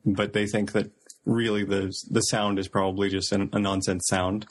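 A man co-hosting a casual chat, sharing trivia with many pauses and fillers. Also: fairly low pitch, monotone. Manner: hesitant, filler-heavy trivia telling. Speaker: podcast co-host.

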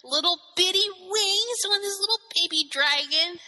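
A woman co-host in casual chat, reacting and agreeing quickly. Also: extremely high pitch, sharp tone. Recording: long hall reverb.

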